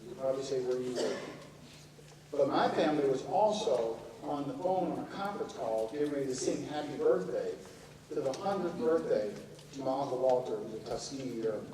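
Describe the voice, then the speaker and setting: A man's voice: medium pitch, expressive, fairly quick, a crowd in the background. A middle-aged man, a company CEO, giving a conversational storytelling speech to students. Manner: storytelling, conversational, some restarts. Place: university lecture hall. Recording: echoey hall, distant mic, audience. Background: audience.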